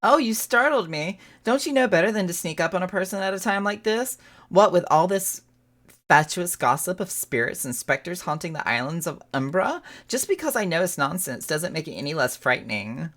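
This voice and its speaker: Fussy, long-winded woman scholar in a put-on accent, read by a woman, animated delivery. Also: rumbling low, fairly quick, pitched above the performer's own voice. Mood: prim. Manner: prim, wordy, rambling.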